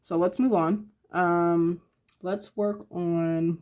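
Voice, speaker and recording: A woman giving a casual step-by-step painting tutorial, talking her process through in a relaxed, thinking-aloud way with lots of fillers. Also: lowish voice, very slow. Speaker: painting instructor.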